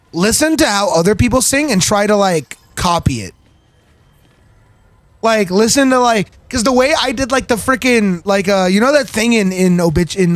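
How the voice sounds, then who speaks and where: A gaming streamer with a high-sitting voice chats casually as he plays, rambling with plenty of fillers and giggles. The recording is dry.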